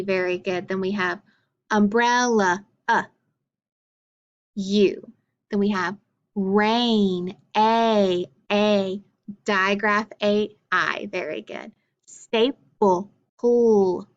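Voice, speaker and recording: A woman's voice: mid-range voice, fairly bright tone, muffled recording. A woman teaching a phonics lesson, sounding out letter blends and praising each answer patiently. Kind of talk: slow phonics drill.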